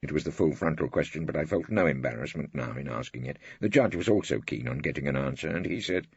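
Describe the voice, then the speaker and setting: English man, older, audiobook reader, gravelly and husky, lively wry delivery, dull dry studio sound. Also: a bass voice, fast talker, no room sound. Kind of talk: first-person scripted narration.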